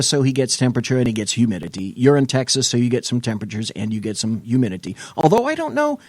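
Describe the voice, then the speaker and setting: A man's voice: medium pitch, no echo. A man hosting a late-night call-in talk show, joking and bantering with salty asides.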